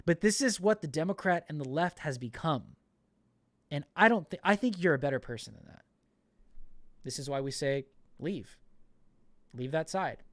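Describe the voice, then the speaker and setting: Man, podcast host, indignant and emphatic, fairly high voice, dry close sound. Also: lively intonation, moderate pace, long pauses, no echo. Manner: indignant, emphatic, repeats words. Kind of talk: political commentary podcast.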